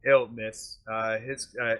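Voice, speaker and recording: A man's voice: on the low side, little pitch movement, takes it slowly, pushed and bright. A man acting as game master, narrating a tabletop combat and thinking aloud between rulings.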